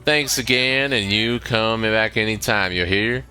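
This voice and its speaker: A man reading aloud the lines of a folksy old male village sheriff, slow and halting. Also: fairly low pitch, bright, forceful tone, faint music behind. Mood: friendly. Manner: slow, halting read-aloud of game dialogue.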